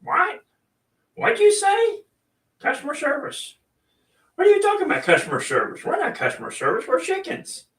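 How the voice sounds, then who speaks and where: A man voicing a bickering high-pitched farmyard chicken that squabbles indignantly, in a podcast skit. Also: wildly swooping pitch, fairly bright tone, distant mic, exaggerated voice. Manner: squawky, indignant, quick back-and-forth. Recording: echoey room, voice off-mic.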